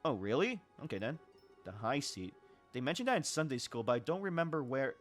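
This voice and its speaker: A man voicing a spirited young woman fighter in a game, blunt and quick to doubt, with faint game music behind. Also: mid-range voice, very animated, lightly acted. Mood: skeptical.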